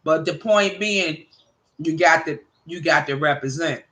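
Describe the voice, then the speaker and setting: A woman hosting a livestream, chatting casually with viewers and telling animated, profane stories. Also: sits low, measured pace. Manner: addresses viewers by name. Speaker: livestream host.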